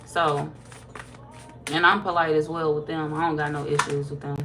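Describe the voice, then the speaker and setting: A woman tarot reader casually chatting with viewers on a livestream, reading their comments aloud, laid-back and quick to laugh. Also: sits low, flat delivery, background noise.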